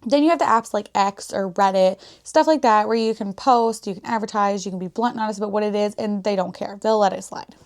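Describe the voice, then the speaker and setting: A woman's voice: medium pitch, a little fast, hardly any pauses. A woman hosting a casual podcast, telling stories bluntly with a lot of swearing and quoted asides. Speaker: podcast host. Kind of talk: casual chat.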